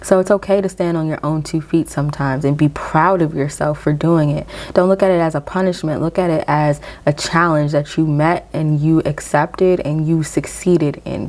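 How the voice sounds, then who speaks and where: A woman's voice: low voice, a little mellow. A woman giving a casual tarot reading to her viewers, encouraging them and checking in with "okay?" as she goes. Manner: encouraging, addresses viewers directly with frequent "okay?"; reads aloud from a guidebook in slow measured phrases. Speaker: tarot reader.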